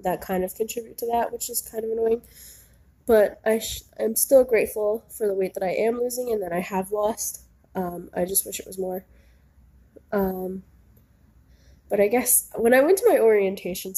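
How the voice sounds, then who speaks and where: A woman's voice: mid-range voice, mellow, husky. Nasal, rambling young woman vlogger. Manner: rambling, lots of ums and likes, laughs easily. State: nasal from a cold. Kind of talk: casual chat.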